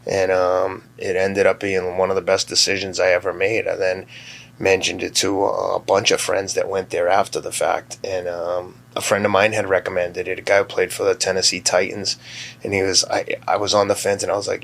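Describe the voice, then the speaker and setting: A man in his fifties, a guest, talking candidly and telling personal stories, sometimes acting out his own shouting. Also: completely flat delivery, normal speed, vocal fry. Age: 50s. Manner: acts out his own past yelling in sharp high bursts. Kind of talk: candid conversational storytelling.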